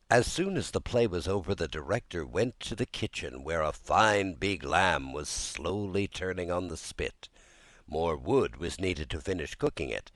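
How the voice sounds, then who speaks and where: A man giving an expressive, dramatic audiobook narration of a children's story. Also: low voice, unhurried, dry recording.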